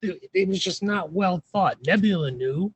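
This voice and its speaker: A man co-hosting a casual chat, animated, retelling scenes in voices and swearing freely. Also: sits high, moderate pace, slightly rough, low-quality recording. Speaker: podcast co-host.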